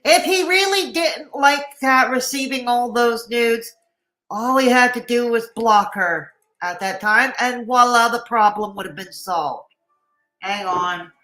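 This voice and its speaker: A woman hosts a live reaction stream with a slightly high voice. She talks sarcastically, laughs often and answers viewers in chat. The room around her mic is noticeably echoey. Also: unhurried, a bit bright. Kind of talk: casual live-stream commentary.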